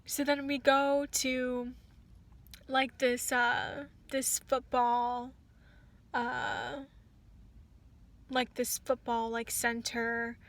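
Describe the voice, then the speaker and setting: High bright young woman rambling a story. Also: drawn-out words, pauses often. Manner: rambling, many "like"s and restarts, quotes others in lively bursts. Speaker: rideshare driver telling a story. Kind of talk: casual storytime.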